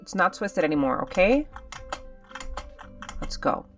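A woman's voice: lowish voice, big pitch swings, a little slow, distant mic, soft background music. Chatty young woman narrating a game. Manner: chatty, dramatic, talks to viewers as guys. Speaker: gaming channel host. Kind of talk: casual game commentary.

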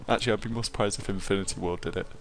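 A man with an English accent chatting casually while playing a video game, quick to joke and full of likes and restarts. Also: on the low side, fairly even intonation. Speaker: player.

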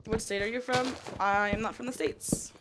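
A woman from Canada, her mid-range voice steady and at normal speed, makes rambling small talk full of "like" as she livestreams herself playing a modded block game. Mouse clicks and noise run through the home stream.

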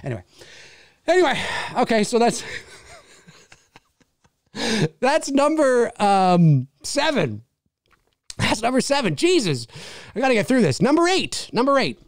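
Animated ranting man, very dry sound. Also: very high voice, dry recording. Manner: animated, swears freely, acts out quick voices. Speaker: show host. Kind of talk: casual ranting monologue. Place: lives in a big city.

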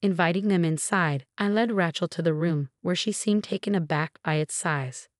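A woman narrates a scripted first-person story in a low, even voice. Her delivery stays measured and unhurried. The sound is dry and close, with no echo.

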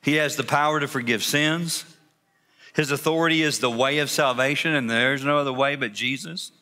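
A man's voice: medium pitch, fairly even intonation, moderate pace, pushed and bright. A man preaching an Easter sermon in a church service, emphatic, with rhetorical questions and repeated phrases. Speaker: pastor.

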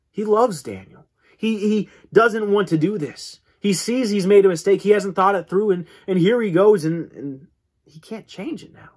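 A man teaching a church Bible class in an earnest way, often restarting words and letting his voice drop low at the ends of lines. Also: breathy edge. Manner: earnest, repeats words when restarting, dramatic drops in pitch.

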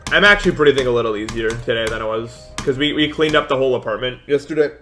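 A man's voice: mid-range voice, fast talker, fairly bright tone, faint music behind. A young man in his twenties, chatting casually on a livestream while gaming, rambling with lots of "dude" and "like" and sudden frustrated outbursts. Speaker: streamer.

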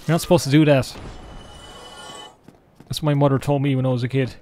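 A man's voice: mid-range voice, fairly even intonation, brisk, dark tone. Jokey Irish guy streaming a game. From Ireland. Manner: jokey, rambling, talks to chat while playing. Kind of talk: live game streaming chat. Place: alone in his room.

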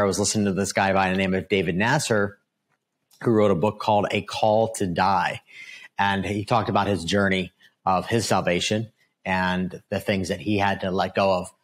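Man, low pitch, middle-aged, earnest storytelling, filler-heavy podcast testimony. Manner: earnest storytelling, frequent fillers and "right?" asides. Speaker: guest, author. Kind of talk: personal testimony in a podcast interview.

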